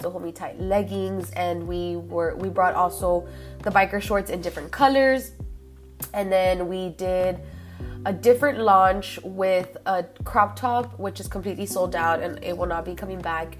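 A young woman hosting a podcast, chatty and gushing, slipping Spanish phrases into her English. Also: fairly low pitch. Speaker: podcast host. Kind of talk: casual chat.

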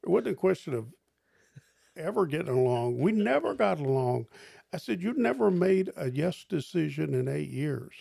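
An older man, a pastor, telling stories in an interview, lively and jumping high in pitch when he quotes people. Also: normal speed, gravelly, slightly rough, dry recording. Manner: animated storyteller, jumps high for quoted lines. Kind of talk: storytelling interview.

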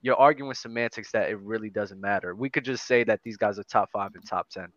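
A man hosting a podcast with a bright, forceful voice at a middling pitch. He talks in an animated, chatty way and keeps calling people "bro." The audio is dull and lo-fi. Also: fairly quick, dry recording. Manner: animated, says "bro" a lot, restarts. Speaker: podcast host. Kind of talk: casual basketball debate chat.

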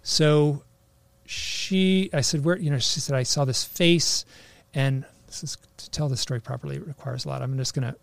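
Man, gravelly voice, casual storytelling, halting, animated, dry sound. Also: mid-range voice, no echo. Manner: halting, full of restarts and "like"; animated, acts out quoted lines. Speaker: guest telling a personal story.

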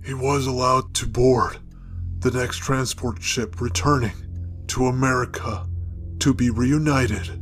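A man playing an elderly grandfather with a guilty secret, speaking slowly and wearily in a dramatized story with music behind. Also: medium pitch, fairly even intonation, natural voice. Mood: confessional. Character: old dying grandfather, ex-SS officer in disguise. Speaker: narrated figure.

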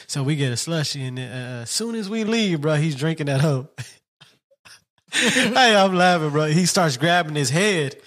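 A man's voice: on the high side, normal speed. Laughing man telling a story. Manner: animated storyteller, laughs often, swears freely. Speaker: podcast co-host. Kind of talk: casual podcast chat.

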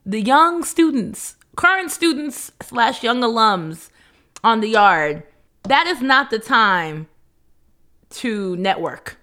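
A young woman co-hosting a casual chat, playful and quick to laugh as she tells stories. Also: a little high, expressive, sharp tone. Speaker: podcast co-host.

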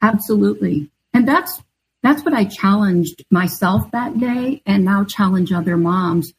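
A woman's voice: mid-range voice, a little slow, slightly rough, poor audio. A middle-aged woman, an author and guest, telling a personal story in an earnest, confessional way. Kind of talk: storytelling interview answer.

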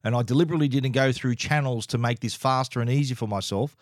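A middle-aged Australian man recounts a frustrating experience in an emphatic, exasperated tone with plenty of restarts. His voice sits at an ordinary male pitch. The recording is dry and close. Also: fast, no echo. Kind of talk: casual storytelling rant.

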